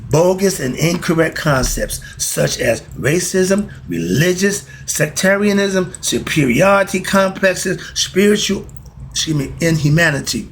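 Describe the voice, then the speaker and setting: A man reading a text aloud and breaking off into loud, animated asides and commentary. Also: sits high, a little slow, a little hiss or hum. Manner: animated, interrupts his own reading with asides and laughs. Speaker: host.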